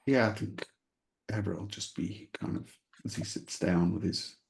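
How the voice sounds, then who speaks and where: A man talking casually as a player in a tabletop game, relaxed and easygoing. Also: sits low, moderate pace, creaky.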